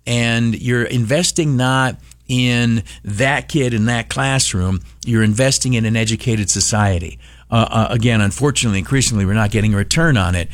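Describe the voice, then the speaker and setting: A man's voice: on the low side, dry recording. Male call-in radio host, blunt, opinionated, filler-heavy, in a dead, dry booth. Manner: frank, opinionated, with many uh fillers. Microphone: studio microphone.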